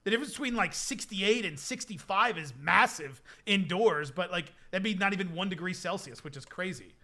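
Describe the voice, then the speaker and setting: A man's voice: high voice, expressive, fairly quick, sharp tone. A young man chatting casually with his stream chat, rambling with lots of fillers. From United States.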